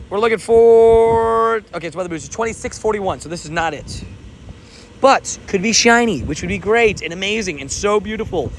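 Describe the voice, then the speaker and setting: A man's voice: high-pitched, expressive, fairly quick, a bit bright, rough recording. A young adult man live-streaming a mobile game outdoors, chatting upbeat and reading viewer comments aloud. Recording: outdoor wind noise on mic.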